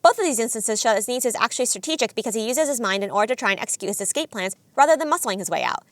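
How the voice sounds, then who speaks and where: Fast-talking woman narrating a video essay. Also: on the high side, lively intonation, dry recording.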